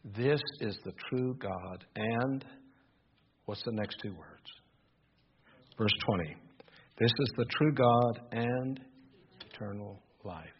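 An older man preaching a sermon, reading scripture aloud and moving between hushed musing and rising, emphatic exhortation. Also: on the low side, slow, pauses often, slightly rough, muffled recording. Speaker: pastor.

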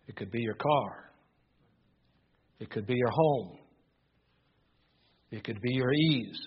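Older preacher with a husky voice. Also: male voice, mid-range voice, takes it slowly, long pauses, lo-fi sound. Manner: reads scripture aloud, alternates hushed musing with rising emphatic preaching. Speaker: pastor. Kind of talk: sermon.

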